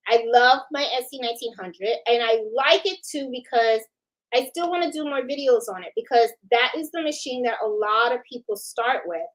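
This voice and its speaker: A middle-aged woman from New York City chats casually as the host of her own livestream. Her voice sits a little high, and she talks loosely with lots of fillers and restarts as she greets viewers by name. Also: moderate pace, poor audio. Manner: chatty, warm greetings, frequent fillers and restarts. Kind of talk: casual live chat.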